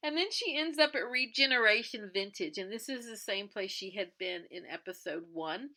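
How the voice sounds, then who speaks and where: A woman's voice: lowish voice, vocal fry, bright, forceful tone. A woman who resells clothing, chatting through a TV episode recap and acting out the characters' lines as she retells them.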